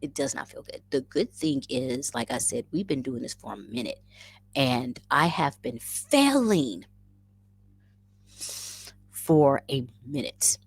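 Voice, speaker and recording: A woman in her forties casually telling a story as a vlogger, animated and self-mocking. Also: very deep voice, slow pace, creaky, pauses often, slightly rough, no room sound. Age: 40s. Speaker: vlogger and rabbit farmer.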